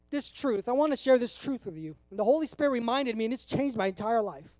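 Man, thirties, from California, very high voice, dry close sound, earnest conversational sermon. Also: dry recording. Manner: earnest, conversational, emotional at times. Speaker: pastor.

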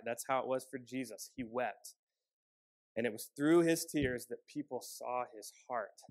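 A man delivers a sermon in an earnest, personal way, speaking with a slightly high voice. He stresses some lines loudly and drops others to a near hush. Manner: earnest, personal storytelling with shifts between loud emphasis and quiet, soft passages. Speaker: pastor.

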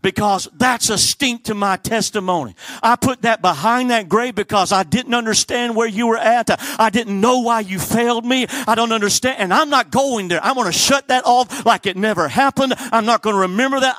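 A man's voice: very high voice, normal speed, hardly any pauses, fairly bright tone, dry recording. A man preaching who voices a grieving, defensive woman, speaking with insistent defiance. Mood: defiant.

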